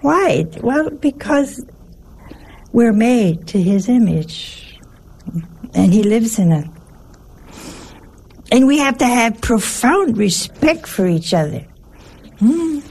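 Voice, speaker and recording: A woman's voice: fairly high pitch, big pitch swings, slow, gravelly, long pauses, a little mellow, breathy edge. A woman giving a conversational sermon in a folksy, humorous way, full of rhetorical questions. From Italian family. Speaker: religious teacher.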